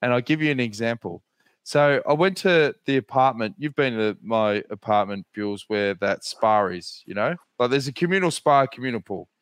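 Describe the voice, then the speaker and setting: Australian male podcast co-host, profane animated storyteller, dry close mic. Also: medium pitch, normal speed, clear, resonant tone, dry recording. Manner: swears freely, animated storytelling. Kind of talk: casual chat, storytelling.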